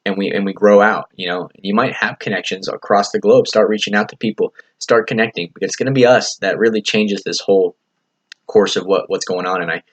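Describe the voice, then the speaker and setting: A California man hosts his own podcast, talking fairly quickly in a lowish, steady voice. He's earnest and motivational but rambling, leaning on "you know" fillers and casual swearing.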